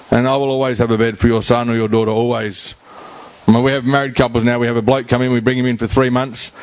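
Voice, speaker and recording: A middle-aged Australian man addresses a community forum in a blunt, colloquial way. He leans on repetition and slangy phrasing to drive his points home, and his voice sits at an ordinary middle pitch for a man. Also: dry recording. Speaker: rehab house founder speaking at a community forum. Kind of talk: blunt public talk.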